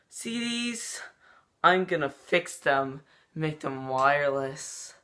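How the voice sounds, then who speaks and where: A YouTuber in a joking comedy vlog who talks in a deadpan, mock-dramatic way. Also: mid-range voice, extremely slow, long pauses.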